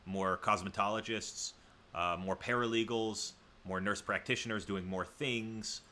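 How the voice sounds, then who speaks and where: A man's voice: on the low side, steady tone, unhurried, sharp tone. A man from the American South hosting a livestream, chatting casually with viewers in a rambling, self-correcting way. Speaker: livestream host.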